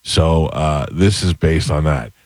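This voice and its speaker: A man in his fifties hosting a radio talk show, telling rambling stories in a relaxed, casual way. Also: a bass voice, slow, no echo. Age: 50s. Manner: relaxed storyteller, rambling with restarts.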